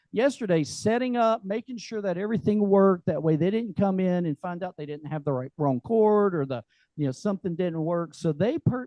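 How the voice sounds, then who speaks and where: A man's voice: sits high, mellow, dry recording, rough recording. A man hosting a group meeting, casual, joking and folksy, with lots of fillers. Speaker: meeting host. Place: meeting room.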